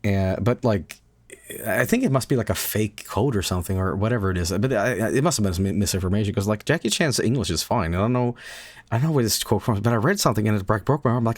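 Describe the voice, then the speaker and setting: A man's voice: fairly low pitch, expressive, quick pace, no room sound. A male streamer chatting casually late at night, swearing a lot, stumbling over his words and laughing often.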